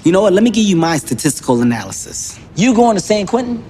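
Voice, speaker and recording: A man's voice: high-pitched, very animated, fast, warm tone, in a large hall, slight background noise. An actor playing a blunt, exasperated streetwise man in film comedy dialogue, brash and profane.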